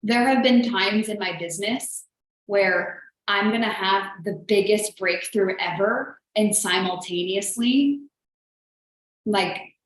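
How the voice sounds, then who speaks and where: A woman's voice: medium pitch, slow pace. A woman business coach hosting a live show, talking in a chatty, earnest, motivational way with lots of "like". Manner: chatty and earnest, heavy use of "like". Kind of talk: motivational live-stream talk. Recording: very echoey room.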